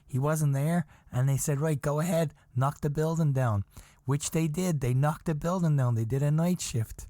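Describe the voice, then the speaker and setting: A man hosting a podcast, telling a story in a casual, animated way, chuckling often, swearing, and insisting that it is true. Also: a little high, moderate pace, no echo, studio quality. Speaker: podcast host.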